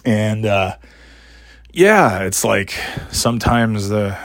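A man's voice: fairly low pitch, expressive, slow, dry recording, clean studio sound. A middle-aged man hosting a casual solo podcast, rambling and joking at his own expense, with a scratchy throat left over from being sick. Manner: rambling, self-mocking, swears casually. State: scratchy throat after illness. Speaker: podcast host.

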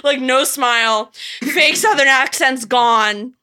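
Bright high-voiced young woman, laughing storyteller. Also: slow pace, clear, resonant tone. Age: young adult. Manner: animated, laughing, full of "like" and swearing. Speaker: podcast co-host. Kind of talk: casual chat, storytelling.

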